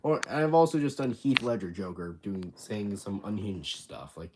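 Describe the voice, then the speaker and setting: Teenage boy, livestream host, rambling and halting, bedroom, faint noise behind. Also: lowish voice, animated. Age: teens. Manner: rambling, halting, many restarts. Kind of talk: casual livestream chat.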